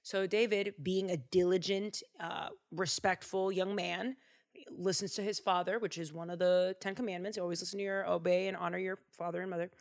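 A woman casually retelling a Bible story, animated and chatty with jokey asides. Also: on the low side, normal speed.

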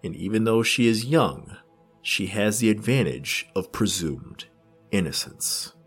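Deep-voiced man giving measured analysis. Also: animated, husky, faint music behind. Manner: measured, thoughtful, with small restarts. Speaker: video essayist. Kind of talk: analytical commentary.

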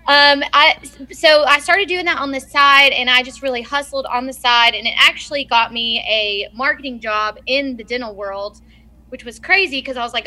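Guest, 30s woman, Southern accent, high bright voice, easy laughing chat. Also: moderate pace. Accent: Southern American. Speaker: guest blogger. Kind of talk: casual chat.

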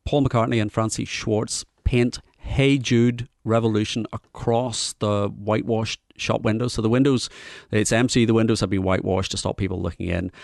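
A man with a low, gravelly voice co-hosts a podcast, telling stories haltingly and dropping dry, wry remarks. His voice has a lot of fry. The sound is dry and close, with no room around it. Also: a little mellow, dry recording. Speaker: podcast co-host. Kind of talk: casual chat.

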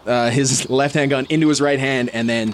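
A man's voice: medium pitch, fairly even intonation, normal speed, very noisy. A man playing a tabletop role-playing game, chatting and thinking aloud as he works out his dice rolls. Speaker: player. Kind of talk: casual tabletop play.

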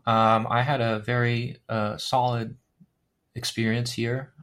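A man appearing as a podcast guest who speaks in a hesitant, halting way, with many pauses and ums. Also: medium pitch, little pitch movement, a bit bright. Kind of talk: casual interview.

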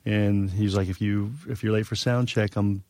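A man's voice: on the low side, flat delivery, moderate pace, darkish tone, dry recording. A man telling a long tour story in a casual chat, rambling and profane, with many fillers. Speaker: guest musician.

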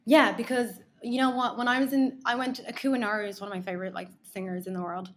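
A woman in her thirties, chatting casually on a podcast and telling animated stories full of fillers and restarts. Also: medium pitch, fast, slight background noise. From Ireland.

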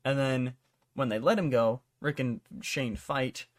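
A man hosting a podcast in a casual chat, rambling and swearing through a recap with lots of ums and likes. His voice sits at a middling pitch and is recorded dry and close, with no room sound. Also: a little slow, no room sound. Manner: rambling, profane plot recap with many fillers. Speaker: podcast host.

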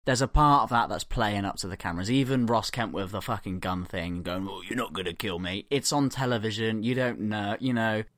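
A man's voice: lowish voice, a little fast, hardly any pauses, a bit bright. A man in his thirties chatting casually on a podcast, rambling through stories with plenty of swearing. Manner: rambling, laughing, swearing storyteller. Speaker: podcast co-host. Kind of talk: casual chat.

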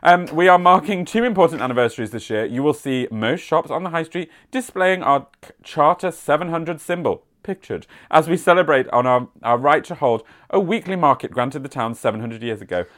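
A woman's voice: low voice, a little fast. A woman co-hosting a casual chat, reading a local paper aloud with dry, wry asides. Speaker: podcast co-host.

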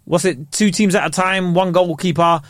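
A man's voice: high voice, moderate pace, no echo, clean studio sound. Slangy man, casual podcast chat. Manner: animated, slangy storytelling. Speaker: podcast co-host.

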